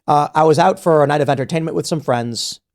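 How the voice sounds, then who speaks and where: Man telling an animated anecdote. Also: a little high, fast. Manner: animated storyteller acting out quoted exchanges, frequent restarts. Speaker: podcast host. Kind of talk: casual conversation, storytelling.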